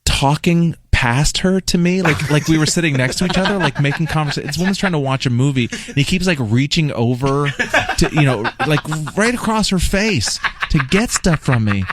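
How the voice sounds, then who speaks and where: Animated comedian telling a story. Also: male voice, fairly high pitch, normal speed, background noise. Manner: animated, laughing through anecdotes. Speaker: comedian guest. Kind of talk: comic storytelling. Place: radio studio.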